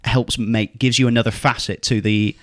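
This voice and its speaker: A man's voice: mid-range voice, steady tone, moderate pace, dry recording, studio quality. A man hosting a podcast debate, arguing passionately with plenty of swearing and emphatic repetition. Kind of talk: casual debate chat.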